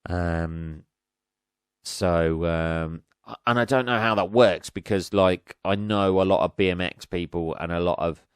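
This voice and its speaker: A man's voice: sits low, unhurried, clear, resonant tone, no room sound, clean studio sound. A man hosting a solo podcast, ranting casually with lots of swearing and sarcasm, laughing at his own jokes. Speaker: podcast host.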